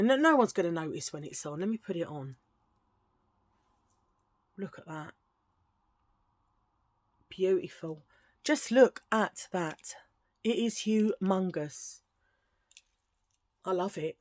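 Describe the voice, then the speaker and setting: A woman's voice: medium pitch, no room sound. Woman, rambling and gushing, dry sound at home. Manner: gushing, chatty, rambling with restarts. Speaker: vlogger showing a thrift haul. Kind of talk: casual chatty haul video.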